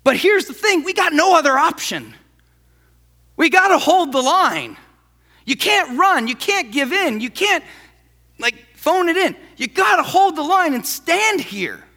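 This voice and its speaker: A man playing a warrior leader who rallies his troops with an urgent, shouted battle speech. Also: extremely high pitch, very animated, a little slow, pitched above the performer's own voice, full character voice. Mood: rallying. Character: rousing male warrior leader rallying troops.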